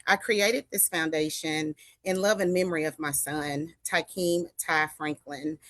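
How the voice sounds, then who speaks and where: Older woman, interview guest, low-pitched, composed, earnest, dry close sound. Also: fairly even intonation, unhurried, a bit bright, no room sound. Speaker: guest, foundation founder. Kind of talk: interview answers.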